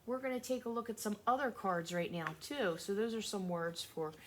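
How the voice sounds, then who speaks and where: A woman's voice: mid-range voice, background noise. Sing-song woman teaching young children. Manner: sing-song, speaks slowly and warmly to small children. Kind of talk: remote lesson for young children.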